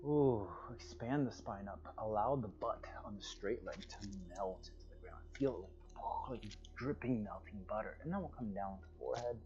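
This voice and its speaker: Man, yoga teacher, soothing cues, mellow voice, muffled stream, soft music. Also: lowish voice, a little hiss or hum. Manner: calm, soothing, drawn-out cues with sighs of relief. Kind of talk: guided yoga instruction. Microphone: livestream.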